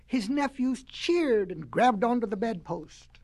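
Animated woman reading a storybook aloud. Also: fairly high pitch, unhurried. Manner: animated, expressive, folksy.

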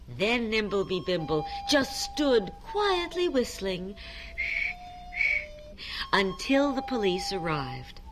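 A woman reading a children's story aloud, animated and coaxing listeners to repeat tongue twisters. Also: mid-range voice.

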